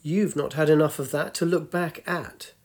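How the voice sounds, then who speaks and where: A man's voice: on the high side, steady tone, normal speed, darkish tone, natural voice. A man voicing a grumpy, wry old woman of ninety-two in a storybook reading, tart and teasing. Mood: reflective. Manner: tart, teasing, lecturing the young.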